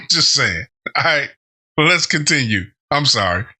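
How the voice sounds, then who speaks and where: A man's voice: medium pitch, sing-song, a little slow, bright, forceful tone, breathy edge. A man hosting a reaction channel, giving casual commentary and going off on rambling tangents with frequent laughter.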